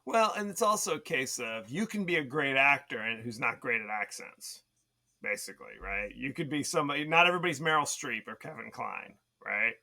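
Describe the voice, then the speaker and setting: A man's voice: mid-range voice, lively intonation, fairly quick, creaky, bright, forceful tone. A man co-hosting a podcast in casual chat, talkative and leading the segments, laughing often. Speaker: podcast co-host.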